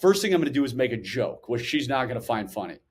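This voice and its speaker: Man guest, middle-aged, storytelling, acts out quotes, medium pitch. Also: sing-song, quick pace, a little mellow, husky. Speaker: guest, former intelligence officer. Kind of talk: storytelling interview answers.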